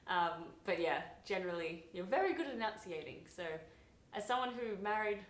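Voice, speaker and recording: A woman's voice: mid-range voice, animated, brisk. A woman with an Australian accent chatting casually to camera, laughing often as she talks. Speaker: office worker sharing opinions. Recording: roomy echo.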